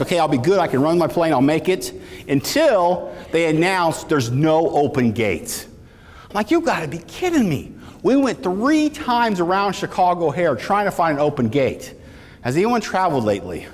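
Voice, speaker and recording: A man on stage delivering a motivational keynote, his slightly high voice swinging widely in pitch as he tells a story. He talks to the crowd and asks them to repeat after him. The sound carries a long reverb from a large hall. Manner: animated storytelling with audience call-outs. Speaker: keynote speaker.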